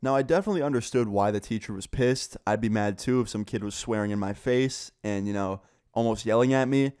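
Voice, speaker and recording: A young man casually telling a school story, animated and swearing, acting out what others said. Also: on the low side, fairly quick, clear, resonant tone. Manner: animated, swearing, acts out quoted voices. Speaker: storyteller vlogger.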